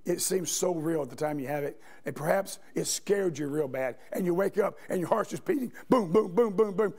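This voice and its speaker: A man preaching a sermon, his voice sitting noticeably high. He tells stories and keeps turning to the congregation with questions. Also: dark tone. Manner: storytelling, asks the congregation questions. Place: church sanctuary.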